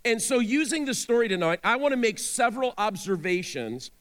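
A man's voice: very high-pitched, animated, brisk, fairly bright tone. A male pastor preaching a sermon, retelling a scripture story with dramatic storytelling and direct asides to his listeners.

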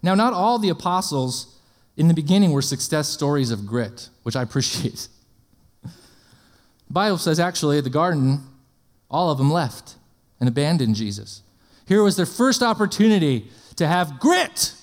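A man preaching a sermon in an energetic, conversational way, often asking the congregation questions and slipping in jokes. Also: fairly high pitch, normal speed.

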